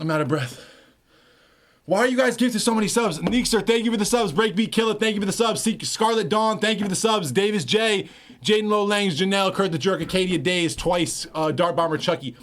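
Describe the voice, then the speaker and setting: Dude producer on a livestream, kinda highish voice, chill, swears a lot reading chat. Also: male voice, animated, fairly quick. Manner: laid-back, swears freely, reads and answers chat. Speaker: music producer streamer.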